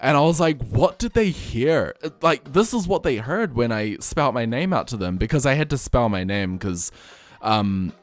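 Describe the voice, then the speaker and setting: A young man from New Zealand with a New Zealand accent, a streamer telling stories in casual chat, laughing often and jumping up in pitch when excited. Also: moderate pace, dry recording. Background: faint music.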